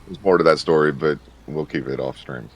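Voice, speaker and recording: Very deep, gravelly-voiced man. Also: a little fast. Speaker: streamer's husband. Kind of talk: casual chat.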